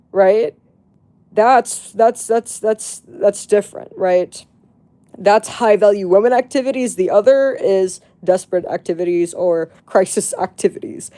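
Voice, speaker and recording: A woman's voice: mid-range voice, mellow. A woman livestreamer chatting to her viewers, telling a story in a casual way with lots of "like" and swearing. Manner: chatty, heavy on "like" and profanity.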